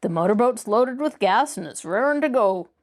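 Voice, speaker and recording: A woman reading the part of a reckless, sneering male riverman and kidnapper in an audiobook, voiced in a gruff, bossy way. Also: on the high side, expressive, moderate pace, natural voice.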